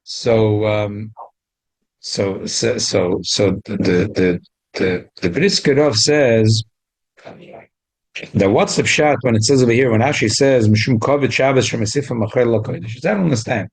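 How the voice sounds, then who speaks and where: A man with a fairly low, slightly rough voice teaches a Talmud lesson at a somewhat slow pace. He often stumbles and restarts, then jumps into sudden emphatic rises.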